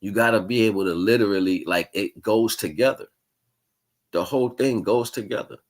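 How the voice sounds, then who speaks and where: A man with a very low voice talks through a spiritual livestream monologue. His delivery is casual and slangy, winding along with restarts. He keeps checking in with the listener as he muses. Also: normal speed. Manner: casual, slangy, keeps asking "you know what I'm saying"; rambling, musing delivery with restarts. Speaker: livestream host.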